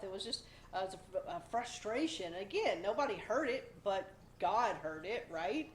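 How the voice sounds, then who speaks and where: A woman's voice: mid-range voice, fairly quick, hardly any pauses. A woman in her forties hosting a casual weekly devotional talk, a bit under the weather, chatty and self-deprecating with playful asides. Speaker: devotional host. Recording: roomy, slightly echoey home recording.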